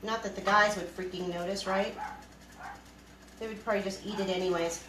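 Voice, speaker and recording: A woman's voice: medium pitch, fairly even intonation, fairly quick, heavy background noise. Chatty woman live-streaming from an echoey kitchen. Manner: chatty and rambling, greets viewers by name. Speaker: homesteading live-stream host. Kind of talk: casual live-stream chat while cooking. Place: home kitchen. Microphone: camera she moves around the kitchen.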